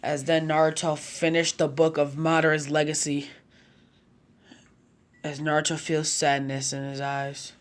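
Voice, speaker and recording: A man's voice: on the high side, little pitch movement, unhurried. Casual man narrating a fan story. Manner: casual, rambling, with asides.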